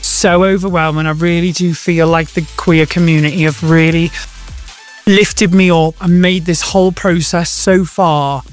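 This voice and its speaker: A man's voice: on the high side, steady tone, unhurried, soft background music. A man in his thirties, a guest in a casual interview, talking in an effusive, chatty way and laughing easily. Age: 30s. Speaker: guest performer.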